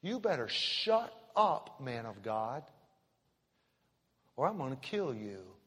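A man's voice: medium pitch, big pitch swings, slow, a bit bright, slightly rough, heavily acted. A man voicing a proud ancient king who angrily threatens a prophet, in a reverberant hall. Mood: threatening. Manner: snarling, threatening.

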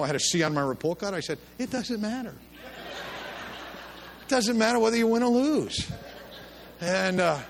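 Folksy chuckling preacher, slightly high voice. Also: male voice, a bit bright, a little hiss or hum. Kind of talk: sermon with storytelling. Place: church service.

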